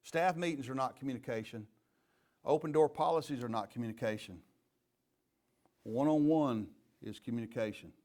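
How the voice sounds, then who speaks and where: A man's voice: mid-range voice, normal speed, long pauses. A middle-aged man, a police chief giving a leadership training talk full of folksy, joking stories. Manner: lively storyteller, folksy and joking.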